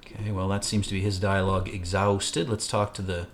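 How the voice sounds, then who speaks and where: A man's voice: sits low, level tone, a little fast, a little hiss or hum. A man playing a detective game, reading his character's questions aloud and making joking, irreverent asides. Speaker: game player voicing characters. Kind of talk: let's-play narration with voiced dialogue.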